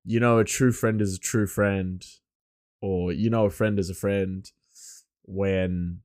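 A man hosting his podcast alone, rambling loosely and chuckling, his voice a bit hoarse. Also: low-pitched, a little mellow, no room sound, studio quality. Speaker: podcast host. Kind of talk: casual podcast monologue.

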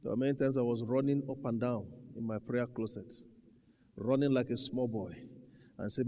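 A man's voice: mid-range voice, fairly quick. Man preaching in a reverberant hall. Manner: preaching with shouts and bursts of laughter. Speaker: pastor. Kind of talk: sermon.

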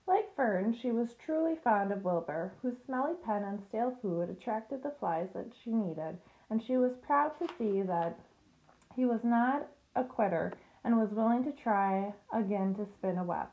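A woman narrating a children's storybook in a steady, clear reading voice. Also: mid-range voice, measured pace, rough recording. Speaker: reader.

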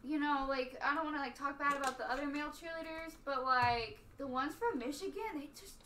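Bright-voiced young woman chatting. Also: sits high, a little fast, a little hiss or hum. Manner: chatty, filler-heavy, swears casually. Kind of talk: casual chat.

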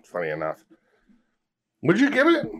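A man's voice: sits high, wildly swooping pitch, moderate pace, fairly bright tone. A man co-hosting a casual wine-tasting podcast, talking loosely, swearing and laughing with friends. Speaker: podcast co-host. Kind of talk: casual chat.

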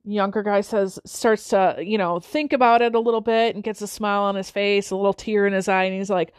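A woman's voice: mid-range voice, steady tone, brisk, few pauses, clear, resonant tone, dry recording, clean studio sound. A woman hosting a podcast, telling a parable as part of a casual motivational talk and checking in with listeners. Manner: conversational, checks in with listeners with "okay?" and "right?". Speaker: podcast host.

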